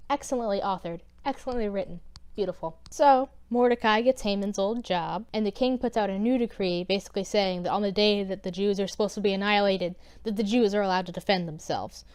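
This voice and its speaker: A woman's voice: medium pitch, brisk, a little mellow, smooth. A young woman in her twenties casually retelling a scripture story to her channel, irreverent and wry. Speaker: YouTuber.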